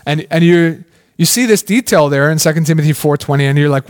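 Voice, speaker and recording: A man's voice: on the high side, fairly quick. A man preaching a sermon in a casual, conversational way, asking many questions and often saying "like". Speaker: pastor.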